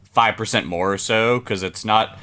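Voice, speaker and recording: A man's voice: fairly low pitch, moderate pace, sharp tone. A young man co-hosting a podcast, rambling through a self-mocking story in casual chat. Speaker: podcast co-host.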